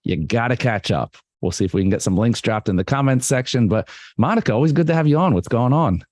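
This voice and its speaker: A man's voice: mid-range voice, expressive, fast talker, darkish tone, no echo, clean studio sound. A man hosting a live online photography talk, playful and joking with his guest. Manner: playful, jokey, puts on a radio voice. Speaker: event host.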